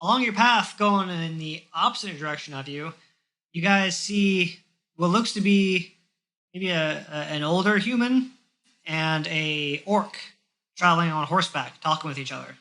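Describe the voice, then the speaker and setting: A man narrating a tabletop game as game master in a loose, halting way. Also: on the high side, pushed and bright.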